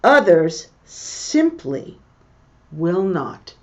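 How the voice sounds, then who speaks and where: A woman teaching English, reading a text aloud slowly and explaining words and intonation to her learners. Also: lowish voice, big pitch swings, muffled recording. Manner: slow, deliberate reading with pronunciation comments.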